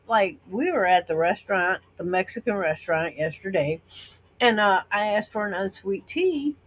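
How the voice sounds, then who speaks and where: A woman's voice: medium pitch, highs cut off. A middle-aged woman from the United States talking in a chatty, rambling way to her viewers, acting out other people's reactions. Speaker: vlogger. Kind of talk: casual rambling monologue.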